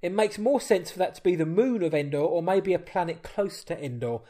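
High-pitched, energetic podcast co-host man. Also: a little fast. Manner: energetic, banter-filled, reading listener messages. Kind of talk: casual podcast chat.

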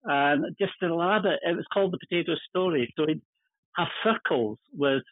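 A man's voice: on the high side, brisk, no room sound. An older man, a guest, telling chuckling, rambling stories about his working life in casual conversation. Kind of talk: casual storytelling. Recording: tinny phone-line sound.

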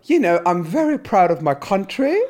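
Guy doing a fake british accent, proud boastful englishman, voice jumps all over, crowd noise loud behind. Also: high voice, big pitch swings, normal speed, pitched above the performer's own voice. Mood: mock-indignant. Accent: put-on British English. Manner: blustering, mock-indignant.

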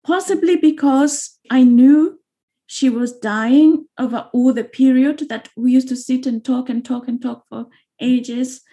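A woman's voice: high voice, unhurried, mellow. A woman from Uganda, an author being interviewed, speaking earnestly and often repeating phrases for emphasis. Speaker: author guest. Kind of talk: reflective interview talk.

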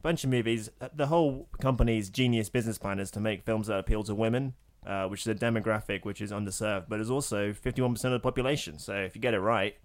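A man co-hosting a film podcast, telling stories in an animated way and laughing often. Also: on the low side, quick pace, few pauses. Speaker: podcast co-host. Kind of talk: casual chat.

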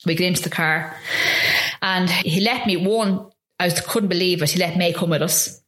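A woman from Ireland, an interview guest, recounting a personal ordeal in an earnest, halting way, often restarting and acting out what people said. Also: lowish voice, a bit bright, roomy sound. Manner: earnest and halting, with frequent restarts and re-enacted dialogue.

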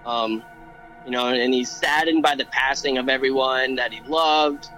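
Bright-voiced man retelling legends. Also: mid-range voice, fairly even intonation, normal speed, faint music behind, rough recording. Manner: retells legends with many fillers and restarts. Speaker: podcast co-host. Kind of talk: casual chat, storytelling. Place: airborne helicopter.

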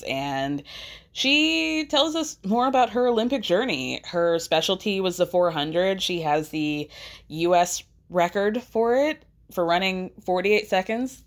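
A woman hosting a podcast in casual chat, chatty and animated, laughing often as she talks. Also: lowish voice. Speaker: podcast host recapping a reality show.

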